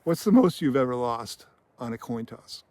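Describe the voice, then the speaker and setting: Guy putting on a calm creepy killer, slow deadpan menace, dry room sound. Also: medium pitch, no echo, natural voice. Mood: coolly menacing. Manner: quiet, measured, deadpan menace. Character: calm menacing male killer, toying, unhurried.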